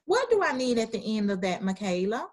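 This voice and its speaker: A woman's voice: fairly high pitch, sing-song. A woman teacher running an online class over a video call, encouraging students and praising their answers often. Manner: reads sentences aloud slowly.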